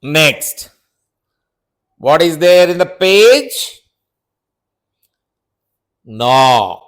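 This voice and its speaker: A man with an Indian English accent teaching young children to spell, slowly sounding out each word letter by letter. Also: on the high side, sing-song. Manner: slow, spells words letter by letter.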